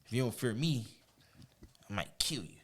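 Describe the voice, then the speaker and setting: A man, a guest on an interview show, telling a personal story in a casual, animated way, often laughing and acting out quotes. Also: mid-range voice, moderate pace, a crowd in the background.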